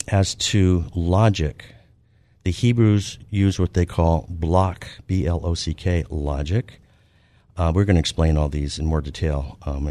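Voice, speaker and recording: A man with a very low, mellow voice teaches his show's listeners point by point. He talks in a measured way, leans on the key words, and fills his pauses with ums and uhs. The sound is close and dry. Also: no room sound. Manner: measured, stresses key words, frequent fillers. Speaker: radio show host and author. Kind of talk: teaching talk comparing ideas point by point.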